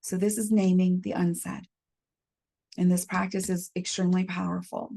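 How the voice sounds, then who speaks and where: Soft-spoken woman running a healing circle, gravelly and mellow, pretty flat delivery. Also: on the low side. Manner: gentle, unhurried, reads chat messages aloud. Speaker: medium leading a healing workshop. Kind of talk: guided reflection for a support group.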